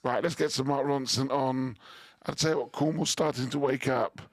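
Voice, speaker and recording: A man's voice: medium pitch, fairly even intonation, moderate pace, no room sound. A man in his forties, a sleep-deprived radio presenter, teasing and laughing through casual banter in a studio. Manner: jokey, teasing, laughs often. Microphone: studio microphone.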